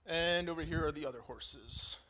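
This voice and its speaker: A brightish, forceful male voice on the high side, at a moderate pace, belongs to a young vlogger from Indiana who is winded and cursing as he complains during a casual walk-through of a farm. A little hiss or hum sits under faint cricket and insect sounds.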